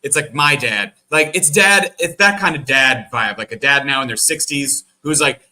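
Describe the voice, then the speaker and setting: A man co-hosting a podcast, telling anecdotes in an animated, joking way. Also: mid-range voice, normal speed, hardly any pauses. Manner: animated storytelling with mock voices. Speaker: podcast co-host. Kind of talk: casual chat.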